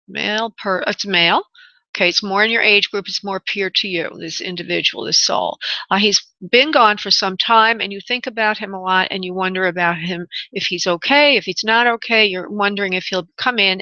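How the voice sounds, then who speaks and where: Hosting a call-in radio show as a spirit medium, a woman with a medium-pitched, sharp voice speaks haltingly, searching for words and restarting often, calling callers "honey" and "love." The sound is dry, with the highs cut off.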